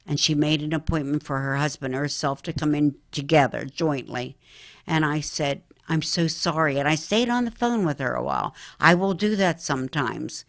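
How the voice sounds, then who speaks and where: A woman's voice: sits low, animated, normal speed, gravelly. A middle-aged woman from the Philadelphia area, a psychic medium telling earnest stories in an interview. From Philadelphia, Pennsylvania area. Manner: earnest, storytelling, addresses listener as honey. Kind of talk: interview talk.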